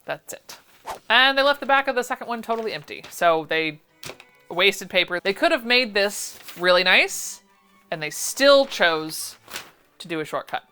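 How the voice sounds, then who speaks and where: A woman with a bright, crisp voice reviews sewing patterns in a casual vlog. She talks in a sarcastic, animated, exasperated way, and soft music plays quietly behind her. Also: mid-range voice, moderate pace.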